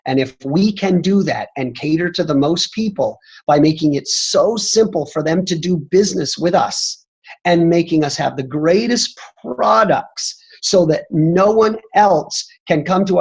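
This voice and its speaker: A man's voice: fairly high pitch, breathy edge, poor audio. A man answering questions as a company executive, talking emphatically and often pressing his point with "I'm telling you.". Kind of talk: motivational talk on a training call.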